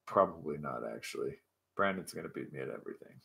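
A man's voice: extremely low pitch, fast, gravelly, sharp tone, breathy edge. A man hosting a casual live chat with viewers, rowdy, joking and profane, a little tipsy. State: tipsy from scotch. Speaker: livestream host.

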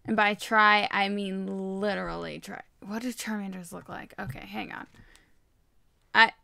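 A woman's voice: medium pitch, little pitch movement, measured pace, creaky, pushed and bright, no room sound. A young woman chatting through a building game, rambling and poking fun at herself. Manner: chatty, self-mocking, rambling. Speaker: gaming channel host. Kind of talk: casual gameplay commentary.

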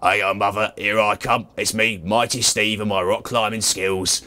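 A comedian voicing a young male polar bear cub with a very deep, gruff, action-hero voice in an improvised comic wildlife voice-over. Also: little pitch movement, normal speed, pushed and bright. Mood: heroic. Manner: gruff, heroic bravado.

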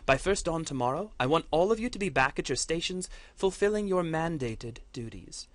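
A man's voice: a little high, animated, normal speed, no echo, voice pushed up, lightly acted. A man voicing a stern, imperious matriarch who rules her battle lords with cold command. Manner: commanding, cold, erupts into shouting.

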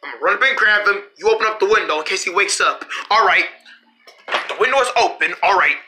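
A storyteller voicing several characters in playful role-play, often laughing and shouting in quick back-and-forth. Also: medium pitch, background noise.

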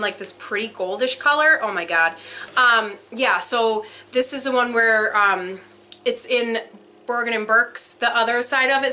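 A young woman vlogger gushes breathlessly over each item she unboxes, exclaiming again and again. Her voice sits a little high and comes across bright and forceful. A faint noise runs under the recording. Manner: gushing, breathless, frequent exclamations. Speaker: vlogger unboxing a subscription box. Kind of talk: excited unboxing vlog.

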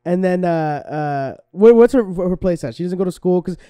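A high-pitched man co-hosts a casual comedy podcast with a mellow, smooth tone. He giggles a lot, stumbles over his words and keeps firing off questions, recorded dry and close. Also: animated, normal speed, no echo. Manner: giggly, stammering, asks lots of questions. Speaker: podcast co-host.

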